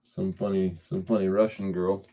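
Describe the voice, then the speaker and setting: Casting: male stream host, low voice with a dark, gravelly edge, unhurried delivery. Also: flat delivery. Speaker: livestream host. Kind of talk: casual chat, reading viewer comments aloud.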